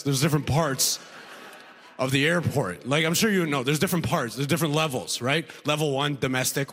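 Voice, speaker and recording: A man's voice: mid-range voice, fairly bright tone, in a large hall. A man from Sudan doing a conversational stand-up set on a comedy club stage, checking in with the crowd as he goes.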